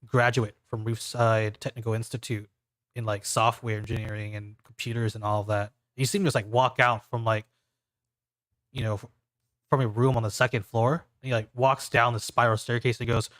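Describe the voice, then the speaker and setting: Brief: relaxed man running a tabletop game, mid pitch, dry close sound. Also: brisk, no echo. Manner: loose, filler-heavy narration. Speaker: game master.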